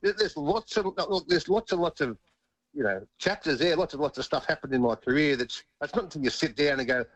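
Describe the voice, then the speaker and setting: A man's voice: fairly high pitch, expressive, a little fast, no room sound, rough recording. An Australian man, a former rugby league player, telling stories in a chatty interview and often restarting his sentences. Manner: chatty, restarts and repeats words. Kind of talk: casual interview anecdote.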